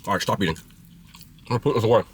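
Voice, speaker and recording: A man's voice: on the low side, quick pace, a little hiss or hum. A man casually reviewing food he is eating, chatty and blunt, with loose slangy talk.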